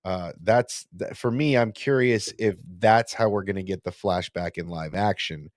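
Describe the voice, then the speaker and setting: A man's voice: on the low side, moderate pace, no echo, clean studio sound. A man co-hosting a casual fan podcast, talking in a rambling, self-correcting, playful way. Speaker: podcast co-host.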